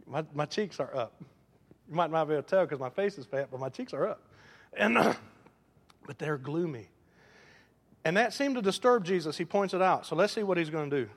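High-voiced joking preacher in a reverberant hall. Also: male voice, fairly quick. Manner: lively, joking, engages the congregation. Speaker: pastor. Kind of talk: sermon.

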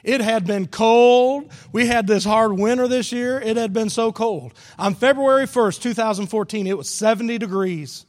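A man preaching to his congregation in a sanctuary, pressing his points by repeating them. His voice sits high. A long reverb from the hall trails behind each line. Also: normal speed, hardly any pauses. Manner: emphatic preaching, repeats key phrases. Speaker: pastor. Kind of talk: sermon. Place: church sanctuary.

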